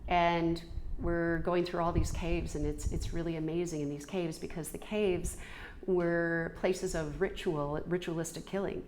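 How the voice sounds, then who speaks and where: A middle-aged woman telling an earnest, reflective personal story, halting now and then with restarts. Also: on the low side, fairly even intonation, a little mellow, slight background noise. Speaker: storyteller sharing a personal experience.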